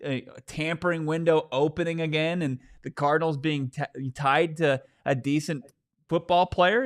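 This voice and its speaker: A man co-hosting a casual sports podcast, animated and playfully exasperated, speaking from a studio. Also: on the high side, normal speed. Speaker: podcast co-host.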